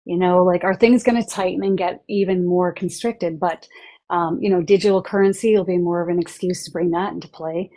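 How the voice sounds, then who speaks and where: A woman hosting a livestream about channeled spiritual messages, earnest and halting, with many fillers. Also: fairly low pitch, steady tone, mellow, rough recording.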